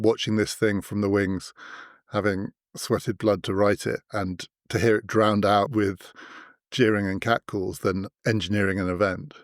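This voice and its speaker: A fairly low-voiced man hosting a podcast, putting curious questions to his guest. He has a dry, close sound with no room around it. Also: dry recording. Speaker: podcast host. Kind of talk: interview questions.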